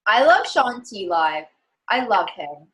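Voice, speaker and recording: A woman's voice: medium pitch, big pitch swings, takes it slowly, fairly bright tone. A woman in a casual chat, speaking with enthusiasm.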